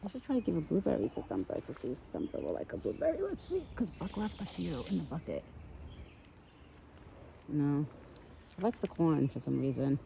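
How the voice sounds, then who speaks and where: A woman's voice: sits low, very animated, brisk, creaky, long pauses, dark tone, slight background noise. Woman cooing at backyard wildlife outdoors. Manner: coos sweetly at animals in a raised baby-talk voice. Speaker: vlogger feeding wild animals. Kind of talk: casual chat. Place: outdoors in a yard by woods.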